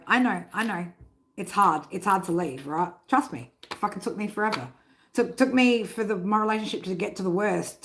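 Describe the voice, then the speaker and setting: A woman's voice: medium pitch, fairly bright tone, a little hiss or hum. A middle-aged woman hosting a tarot live stream, talking bluntly with heavy swearing and a constant "right?". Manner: blunt and heavily profane, keeps asking "right?". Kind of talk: casual live-stream chat.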